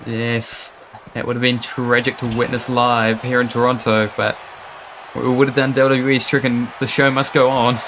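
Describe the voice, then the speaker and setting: Excitable male wrestling commentator. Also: mid-range voice, a little hiss or hum, low-quality recording. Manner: fast reactive play-by-play, frequent gasps and exclamations. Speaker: play-by-play commentator.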